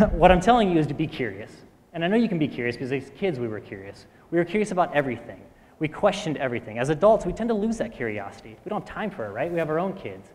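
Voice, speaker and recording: A man in his thirties giving a motivational talk on stage, talking quickly and often clearing his throat. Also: fairly high pitch, very animated, darkish tone. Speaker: speaker at a live talk event. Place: stage in a hall with an audience. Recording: reverberant hall.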